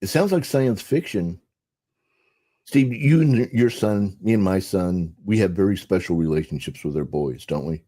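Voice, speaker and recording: An older man and podcast guest, explaining in a measured way that often trails off softly. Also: deep voice. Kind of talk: casual podcast conversation.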